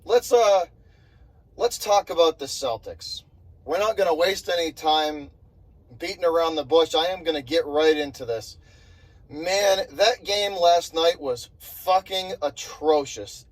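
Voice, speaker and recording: A young man who vlogs about sports goes on a fired-up, angry rant about his basketball team, swearing and repeating himself in exasperation. His voice is a little high and husky, and the audio is poor.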